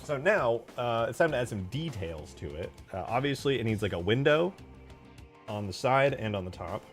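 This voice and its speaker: A man streaming as he builds a game mod, chatting casually while he works. He mutters quietly as he models, then bursts out loudly to thank viewers. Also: mid-range voice, big pitch swings, normal speed, music in the background.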